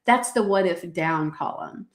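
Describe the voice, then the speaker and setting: A woman's voice: lowish voice, unhurried. Emphatic woman hosting a motivational podcast. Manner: emphatic, preacher-like exhortations. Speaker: podcast host. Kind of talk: motivational podcast talk, reading from her own journal.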